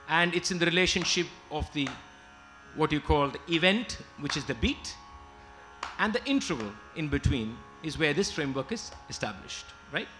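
A man's voice: sits high, sharp tone. A man giving an emphatic lecture-demonstration on music, explaining and stopping to sing short examples. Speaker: lecturer and singer. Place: lecture hall with live musicians.

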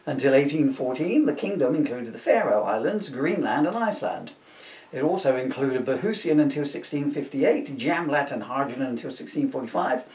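A man's voice: medium pitch, expressive, normal speed, a little mellow, far from the mic. A man reading from his own comic book, chatty and self-mocking, with asides. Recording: roomy echo, voice from off-mic.

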